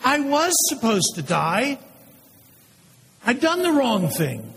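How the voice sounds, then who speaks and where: A man voicing a condemned male prisoner awaiting crucifixion, telling his story in a first-person dramatic monologue with intense pauses. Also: very high voice, huge pitch swings, a bit bright, breathy edge, exaggerated voice. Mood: terrified. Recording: long hall reverb.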